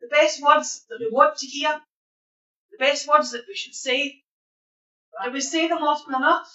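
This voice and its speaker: Scottish woman minister, higher voice, relaxed chatty sermon, echoey hall with a dull sound. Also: moderate pace. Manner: chatty, asks the congregation questions. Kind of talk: informal sermon to a congregation. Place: church hall.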